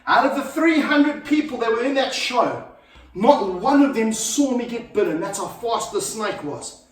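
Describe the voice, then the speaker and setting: Faint music and slight background noise fill an echoey indoor room with slippery floors, where a middle-aged man vlogs while handling a snake. His voice is very high-pitched and his pace moderate, energetic but breathless, as he stops between explanations to coax the snake. He's a snake handler speaking casually to camera, a bit distant from the mic.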